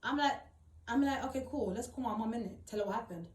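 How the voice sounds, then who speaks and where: Play her as a high, blunt young woman. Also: fast talker. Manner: blunt, emotional, slangy, swears often. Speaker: storyteller. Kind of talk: personal account, casual monologue. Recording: roomy, distant mic.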